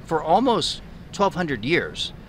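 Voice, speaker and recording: A man's voice: fairly high pitch, sing-song, takes it slowly, slight background noise. A middle-aged man hosting a podcast, chatting in a rambling, opinionated way with frequent restarts. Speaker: podcast host. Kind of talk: casual interview chat.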